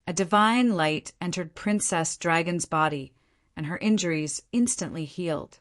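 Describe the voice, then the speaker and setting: A woman narrating a fantasy novel as an audiobook in a steady, measured storytelling read. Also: on the low side.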